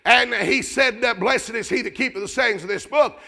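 A man preaching a fervent revival sermon, shouting in a rising cadence. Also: very high-pitched, moderate pace, gravelly.

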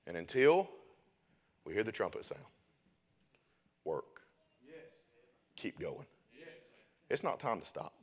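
A young man preaching a sermon, telling a story and then building to loud, shouted preaching. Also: deep voice, big pitch swings, slow pace, pauses often, husky.

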